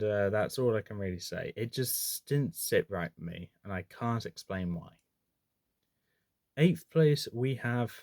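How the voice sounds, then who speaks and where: A man with a fairly low pitch and dark tone gives casual movie ranking commentary, chatty and opinionated, frequently restarting to correct himself. The sound is dry and clean, studio quality.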